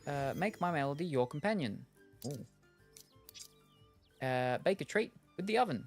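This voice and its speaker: A man's voice: a little high, animated, normal speed, soft background music. A man streaming a game, chatting casually and thinking aloud, with lots of fillers and restarts. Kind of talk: casual chat while gaming.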